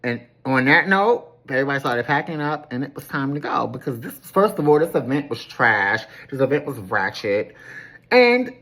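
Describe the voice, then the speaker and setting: A woman's voice: a bass voice, big pitch swings, moderate pace, a bit bright. A woman giving a casual, sassy recap of a reality episode, gossipy and dramatic, calling people honey. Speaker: recap host.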